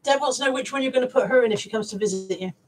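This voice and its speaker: A husky, slightly high-voiced woman chats on a casual live stream. She is middle-aged and talkative, and she drifts from viewer comments to her unsold stock. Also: rapid-fire, a little mellow, rough recording. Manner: chatty, reads out viewer comments, coos at her dog. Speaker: vlogger and reseller.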